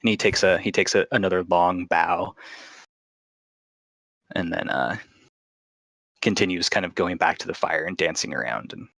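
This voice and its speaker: A man's voice: low voice, normal speed, gravelly, long pauses, fairly bright tone, no echo, poor audio. A man narrating as game master in a casual way, with many fillers and restarts.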